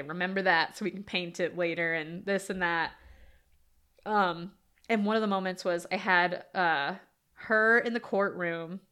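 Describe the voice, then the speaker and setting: A woman co-hosting a casual movie podcast, animated and quick to laugh as she acts out scenes. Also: mid-range voice. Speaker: podcast co-host.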